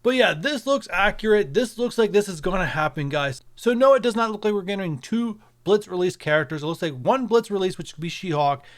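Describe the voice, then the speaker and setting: A man's voice: high voice, animated, a little fast, few pauses. A man talking casually to his viewers as a mobile game video creator, chatty and speculative, walking through game updates over screen capture.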